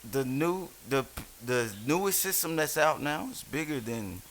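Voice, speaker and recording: A man's voice: fairly high pitch, animated, normal speed, a bit bright, slight background noise. A man in casual podcast chat, loose and profane, telling stories with friends. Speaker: podcast co-host.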